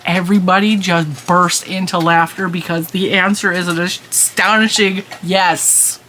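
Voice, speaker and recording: A middle-aged woman hosting her crochet channel, chatting casually and telling an animated story with frequent laughter. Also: on the low side, measured pace, a little hiss or hum. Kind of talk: casual chat.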